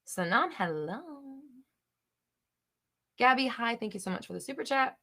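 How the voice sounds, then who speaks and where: A young woman hosting a live chat, reading viewer questions and answering bluntly, with swearing and bursts of loud exasperation. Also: lively intonation, a little slow. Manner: blunt, swears, swings between low murmur and loud exasperation.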